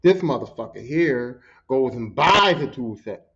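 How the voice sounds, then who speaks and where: A man telling work stories on his podcast in a loose, profane, animated way, acting out what others said. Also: medium pitch, a little slow, dull audio. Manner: profane, animated, acts out quotes. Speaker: podcast host. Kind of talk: casual storytelling monologue.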